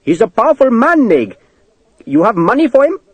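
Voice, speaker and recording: A man's voice: extremely high pitch, big pitch swings, normal speed, slightly rough, no echo, voice pushed up, heavily acted. A man voicing a nervous, plaintive male clerk who pleads in a raised voice.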